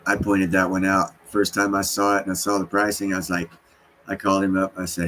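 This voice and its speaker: A man's voice: deep voice, monotone, fairly quick, fairly bright tone, slight background noise, low-quality recording. A man hosting a livestream from an unfinished basement, rambling with many fillers. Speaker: livestream host. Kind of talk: casual livestream talk.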